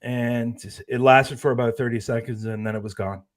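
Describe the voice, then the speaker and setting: A man appearing as a guest on a chat show, easygoing and quick to laugh, telling his stories. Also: mid-range voice, steady tone. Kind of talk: casual chat.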